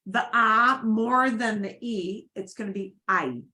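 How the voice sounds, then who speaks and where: A woman's voice: fairly high pitch, fairly even intonation, unhurried, bright, forceful tone. A woman teaching a beginners' Spanish class, patiently repeating phrases for her students to echo.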